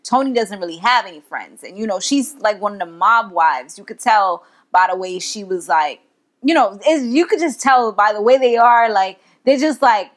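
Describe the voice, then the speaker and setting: A young woman giving a casual, slangy recap of a TV episode, chatting and laughing as she goes. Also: medium pitch. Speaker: TV show reviewer.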